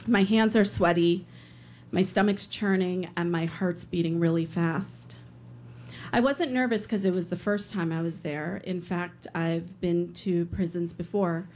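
A woman's voice: lowish voice, a little mellow, slight background noise. Earnest woman telling a story. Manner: earnest, with some hesitant fillers. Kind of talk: live stage storytelling.

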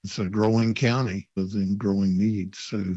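A man speaks as a public health consultant in an interview clip, explaining things plainly. His voice sits low. The recording is dull and dry. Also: flat delivery, moderate pace, mellow, dry recording.

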